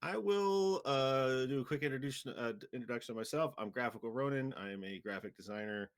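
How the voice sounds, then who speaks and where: A man acting as game master, opening a tabletop game show in a relaxed way with lots of small fillers and chuckles. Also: medium pitch, a little fast. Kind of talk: casual show introduction.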